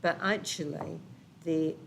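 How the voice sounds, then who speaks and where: A woman's voice: low-pitched, fairly even intonation, takes it slowly, vocal fry, slight background noise. A woman on a panel speaking critically and passionately, with hesitant restarts. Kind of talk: discussion.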